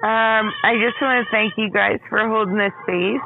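Gravelly voice on a phone line. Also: medium pitch, steady tone, moderate pace, hardly any pauses, no room sound, faint music behind. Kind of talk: casual audio chat room.

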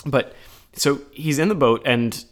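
A man co-hosting a podcast, talking through scripture readings in an earnest, conversational way, with animated retellings. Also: medium pitch, measured pace. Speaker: podcast co-host. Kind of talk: casual chat about scripture readings.

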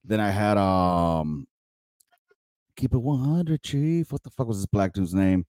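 Crude joking podcast host, dry sound. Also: male voice, fairly low pitch, lively intonation, measured pace, a little mellow, no room sound. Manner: crude, joking, swearing banter. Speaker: podcast host, army veteran. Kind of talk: casual podcast chat.

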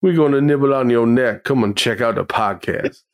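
A man's voice: medium pitch, normal speed. A man co-hosting a podcast, wrapping up the episode with goofy, joking banter. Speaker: podcast co-host. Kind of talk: casual chat.

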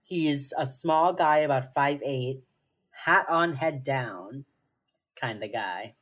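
A woman's voice: a bass voice, takes it slowly. A woman co-hosting a podcast, chatting casually as she recaps a TV episode, playful, swearing freely and filling her talk with "like". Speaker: podcast co-host.

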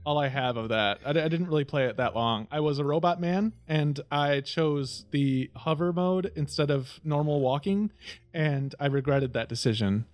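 A man's voice: on the high side, normal speed. A man hosting a casual gaming chat, rambling and laughing often, swearing casually.

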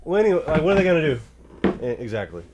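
A man's voice: a little high, sing-song, very fast, muffled recording, crowd noise. A young man, a podcast co-host, telling a profane, rambling story with lots of laughing. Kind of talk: casual storytelling chat.

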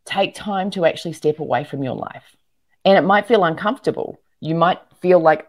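Low-voiced New woman, motivational. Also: moderate pace. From New Zealand. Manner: earnest, motivational, many fillers. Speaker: guest entrepreneur. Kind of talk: casual interview chat.

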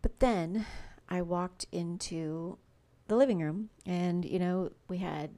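A middle-aged woman hosts a faith podcast in a chatty, personal way, leaning on fillers and asides. Her voice sits a bit low and dark, with a gravelly fry running through it. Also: slow. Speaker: podcast host. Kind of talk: faith-based podcast monologue.

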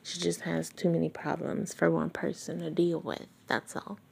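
A woman's voice: low-pitched, level tone, normal speed, gravelly, a little mellow, breathy edge. A woman hosting a podcast who reads a novel aloud in a casual way. She often stops to fix her misreadings and chats between passages. Her mouth sounds wet and full of spit, and she records at home rather than in a studio. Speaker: podcast host reading a book aloud. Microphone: home recording, not studio-soundproofed.

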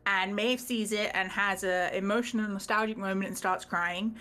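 Bright, chatty woman recapping a game. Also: mid-range voice, steady tone, normal speed. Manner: chatty, swears freely, laughs often. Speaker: tabletop game player recapping the last session. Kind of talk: casual live-stream chat.

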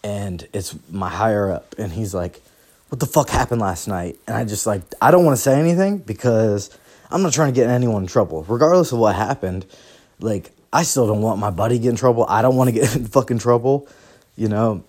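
A man's voice: on the low side, expressive, brisk, a little mellow. A young man hosting a podcast, telling a story in a casual, rambling, profane way and laughing as he goes. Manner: profane, rambling, laughs through his stories. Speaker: podcast host.

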